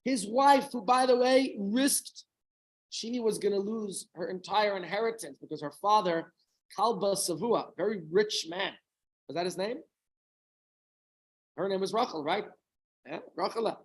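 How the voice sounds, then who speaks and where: A man's voice: high voice, a little slow, pauses often, rough recording. A middle-aged man, a rabbi, giving an informal talk to a small group, telling a story with chatty asides and questions to his listeners.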